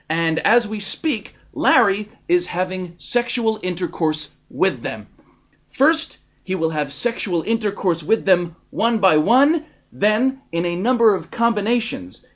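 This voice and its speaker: A man voicing a smooth, scheming male world president in a comic audiobook reading, talking soothingly. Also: sits high. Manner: soothing, smooth, then loud rallying.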